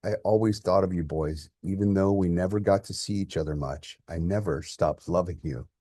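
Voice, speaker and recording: A man voicing a dying older father who speaks softly, weary and gentle, at peace. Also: sits low, moderate pace, slightly rough, no echo, studio quality.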